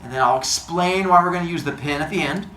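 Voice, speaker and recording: A man's voice: a little high, fast, sharp tone, slight background noise. A man teaching a class, giving quiz instructions in a playful, jokey way with silly made-up words. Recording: echoey classroom, faint ambience.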